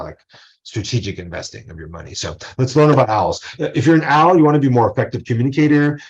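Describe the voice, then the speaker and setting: A man's voice: fairly low pitch, muffled recording. A male college professor giving a casual online lecture, rambling into asides and acting out quotes.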